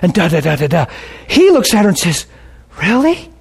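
Animated high-voiced preaching man. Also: fast, gravelly, a little hiss or hum. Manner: animated storyteller, voice jumps high and shouts when excited. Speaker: pastor. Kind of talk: sermon storytelling.

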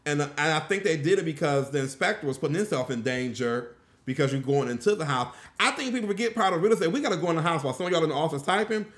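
Guy host telling stories, kinda high voice, acts out the quotes, echoey room. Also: fast. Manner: animated storyteller who acts out quotes. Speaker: podcast host and real estate agent. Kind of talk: casual conversational interview.

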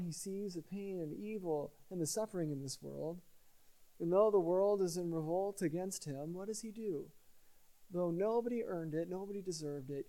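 A middle-aged man preaching a sermon, swelling louder on key points and dropping almost to a hush on somber ones. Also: a little high, rough recording. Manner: earnest preaching, swelling loud then dropping quiet. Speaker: pastor.

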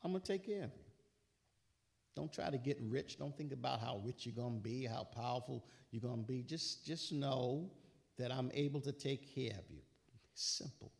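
A man's voice: mid-range voice, moderate pace, creaky. A man preaching a sermon, quoting scripture with rising, emphatic bursts and casual asides.

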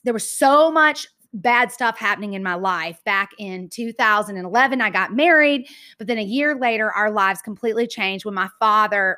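A woman's voice: medium pitch, sharp tone. A woman, candidly telling her personal story on a podcast, earnest and full of "like" and "y'all". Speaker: podcast host.

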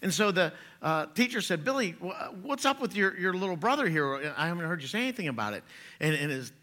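A middle-aged pastor, a man, whose voice sits a little high for a man and rings bright and forceful. He preaches in a loose, chatty way and laughs at his own jokes. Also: sing-song, fairly quick. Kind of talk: sermon with jokes.

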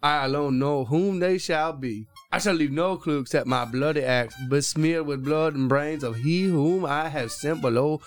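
A man voicing a boastful demon axe murderer in a put-on Cajun accent, drawling slowly and calling people boy and baby. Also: on the high side, faint music behind, natural voice. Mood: menacing drawl. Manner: slow drawling delivery, calls listeners boy and baby. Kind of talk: dramatic letter reading.

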